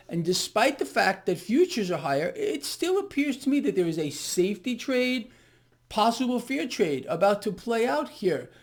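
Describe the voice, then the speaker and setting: A man giving direct-to-camera market commentary, emphatic and sarcastic, with lots of fillers. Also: high-pitched.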